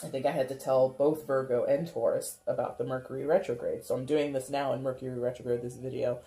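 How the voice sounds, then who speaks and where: Tarot reader, casual chatty reading, warm low-key tone, laughs often, echoey room. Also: flat delivery, quick pace, faint music behind. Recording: roomy echo.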